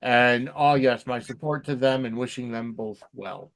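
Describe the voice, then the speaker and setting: Man, podcast co-host, casual chat, filler-heavy, mid pitch. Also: steady tone, measured pace. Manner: hesitant, many "um" fillers.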